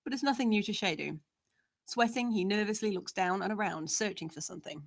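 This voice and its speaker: A woman's voice: mid-range voice, a little fast, creaky. A woman narrating, steadily reading out the scene descriptions of a screenplay.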